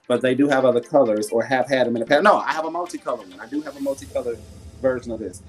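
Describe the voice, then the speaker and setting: A man's voice: medium pitch, very fast, faint music behind. A man hosting a casual live jewelry sales stream, chatty and laughing often, reading viewer comments aloud and talking about his faith. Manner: warm and churchy, talks faith.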